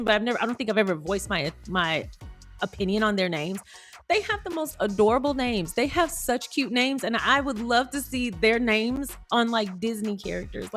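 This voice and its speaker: A woman's voice: on the high side, a bit bright. A woman reading a celebrity news article aloud and breaking off into playful, chatty tangents.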